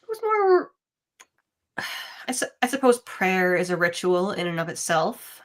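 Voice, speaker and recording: A woman's voice: fairly low pitch, huge pitch swings, a little slow. A woman playing a joking, flustered pagan. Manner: joking, stammers when cornered. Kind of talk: in-character tabletop role-play.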